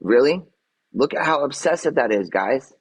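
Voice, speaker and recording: A man's voice: mid-range voice, lively intonation, moderate pace, husky, low-quality recording. An agitated man on a livestream answering his chat, defensive and swearing, repeating himself as he vents. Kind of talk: livestream rant.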